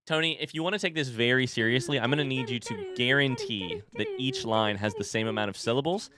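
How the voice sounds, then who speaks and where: A man's voice: mid-range voice, sing-song, fairly quick, crowd noise. A man in his thirties chatting casually on his live stream, rambling playfully and reading viewer comments aloud.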